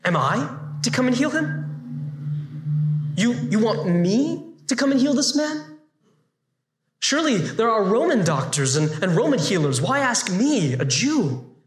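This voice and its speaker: Jesus pushes back with probing, incredulous questions, as a man puts him on. The voice sits high, and the room around him rings. It sounds like a Bible lesson told aloud with voiced characters. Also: expressive, normal speed, roomy sound, far from the mic. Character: Jesus, a teacher questioning a bold request.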